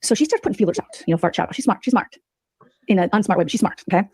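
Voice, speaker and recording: A woman giving sarcastic, mocking gossip commentary as a streamer, telling the story in an animated way. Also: medium pitch, rapid-fire, slightly rough, no echo.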